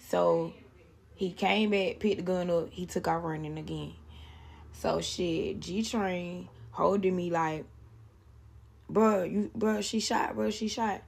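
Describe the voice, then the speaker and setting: A woman's voice: lowish voice, gravelly. A young woman casually telling a personal story, rambling and profane, acting out the quotes in raised voices.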